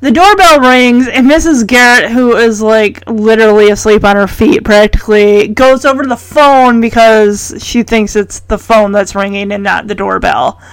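Woman, high voice, casual chatty recap, incredulous questions, dry close sound. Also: normal speed, few pauses, clean tone, no room sound, low-quality recording. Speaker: podcast host recapping a sitcom episode.

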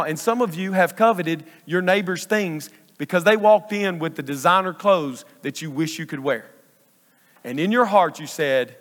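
A man's voice: high-pitched, a bit bright. A male pastor preaching a sermon in a church sanctuary, emphatic and repeating phrases for stress. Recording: long reverb of a large church hall.

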